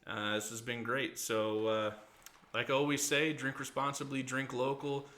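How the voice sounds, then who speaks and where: A man's voice: mid-range voice, level tone, moderate pace, pushed and bright. A man hosting a casual podcast, chatting and telling rambling stories with easy laughter. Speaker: podcast host. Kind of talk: casual chat.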